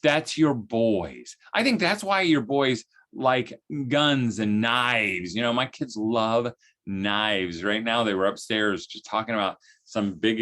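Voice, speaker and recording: A man's voice: on the low side, bright, forceful tone. A man giving a folksy, humorous storytelling talk to parents, full of vocal sound effects. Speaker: speaker at a homeschooling event.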